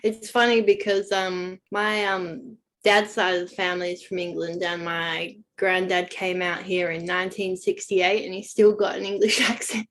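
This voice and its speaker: A woman's voice: lowish voice, flat delivery, moderate pace, hardly any pauses, fairly bright tone. Australian woman co-host asking questions. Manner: friendly, curious, asks short questions. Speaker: podcast co-host. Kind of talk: casual interview chat.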